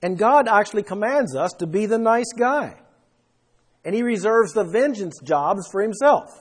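A man's voice: sits high, animated, moderate pace, slightly rough. A man preaching a Bible sermon, explaining verses with emphatic rises in his voice. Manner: emphatic, rising for stress.

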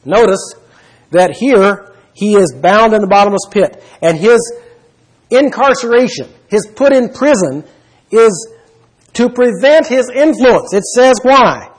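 Husky high-voiced man preaching a Bible sermon. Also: expressive, a little slow, rough recording. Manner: emphatic, asks the listeners questions.

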